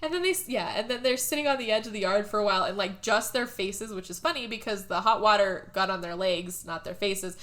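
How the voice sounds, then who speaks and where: Woman, podcast host; bright, punchy voice; loose, giggly movie recap, cusses freely. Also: mid-range voice, brisk, hardly any pauses. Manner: laughs often, swears freely.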